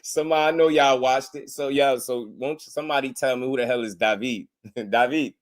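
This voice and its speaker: A man giving casual boxing commentary on a live stream, slangy and animated, laughing often. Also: mid-range voice, fairly quick.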